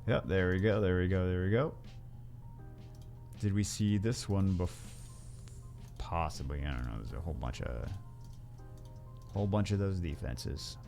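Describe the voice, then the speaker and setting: A man's voice: sits low, measured pace, creaky, pauses often, darkish tone, soft background music. A man hosting a gaming video, rambling through casual gameplay commentary with wry asides and frequent self-corrections.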